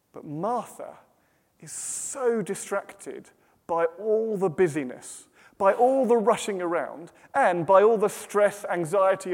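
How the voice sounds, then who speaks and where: A British man preaching a sermon, telling a story in a lively way and then dropping to hushed, slow dramatic pauses. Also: fairly high pitch. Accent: British English. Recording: long hall reverb.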